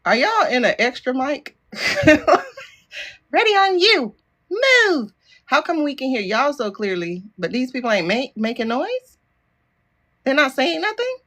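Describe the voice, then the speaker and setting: Lively woman reacting to her screen. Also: high-pitched, normal speed. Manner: incredulous, talks back at the screen. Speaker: livestream host. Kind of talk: casual livestream commentary.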